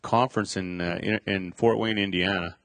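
Middle-aged man, very low voice, dry close sound, halting personal testimony with lots of restarts. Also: fairly even intonation, fairly bright tone, no room sound. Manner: halting, many fillers and restarts. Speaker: speaker sharing a testimony.

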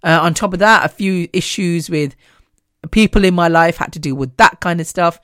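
A woman's voice: on the low side, normal speed, a bit bright, no echo, clean studio sound. A woman hosting her own podcast, talking candidly and chattily, swearing freely and restarting often. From Indian heritage. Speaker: podcast host. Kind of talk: casual solo podcast chat.

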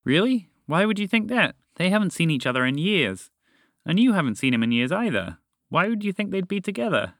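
A man's voice: sits high, sing-song, brisk, a bit bright, no room sound, studio quality, pitched above the performer's own voice, heavily acted. A man reading a storybook aloud and voicing a worried girl who asks anxious, doubtful questions about her sister.

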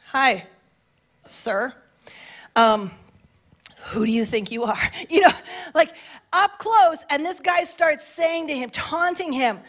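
A woman preaching with a high, bright voice. She is fervent and driving, and she moves between scripture reading and relaxed, conversational asides. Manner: fervent, building to shouted declarations. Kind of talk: sermon.

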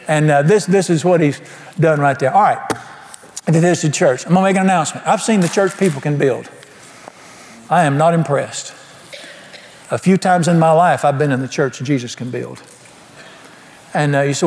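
A man preaching a sermon, folksy and emphatic, firing rhetorical questions and dropping to a low hush. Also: fairly quick. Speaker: pastor. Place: church sanctuary. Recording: long hall reverb.

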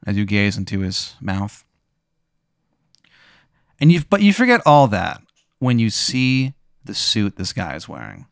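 A man hosting a comedy podcast, telling a profane hypothetical in a deadpan way, often dropping to a low murmur. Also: a little slow, gravelly, long pauses, no echo, studio quality. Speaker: podcast host posing a hypothetical. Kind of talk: casual comedic storytelling.

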